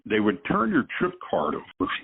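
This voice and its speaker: A man's voice: medium pitch, wildly swooping pitch, normal speed, creaky, slightly rough. An older man, a veteran truck driver and guest, telling rambling stories with chuckles in a casual conversation. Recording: tinny phone line.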